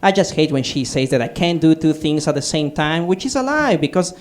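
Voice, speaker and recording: A man doing a stand-up set of short one-liners, delivered in a dry, unhurried way. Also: a little high, expressive. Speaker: stand-up comic.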